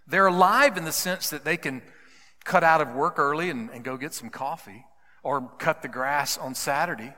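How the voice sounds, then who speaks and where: Guy preaching a sermon, fairly high voice, goes dramatic and whispery, big hall echo. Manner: dramatic, drops to hushed whispers for emphasis. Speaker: pastor.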